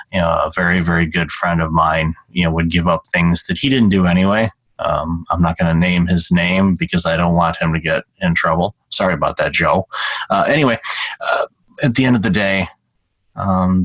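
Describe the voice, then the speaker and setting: Middle-aged podcast host from Canada, deep voice, loose self-deprecating delivery, dry close-miked sound. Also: male voice, a bit bright, no room sound, poor audio. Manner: rambling, self-deprecating, with many fillers. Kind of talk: casual solo podcast talk.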